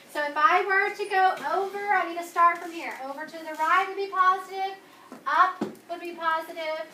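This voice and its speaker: A woman's voice: very high-pitched, bright, forceful tone, slight background noise. A woman teacher, coaching a classroom of children in an upbeat, coaxing way and repeating key words. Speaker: elementary school teacher. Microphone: far camera. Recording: echoey classroom from far off.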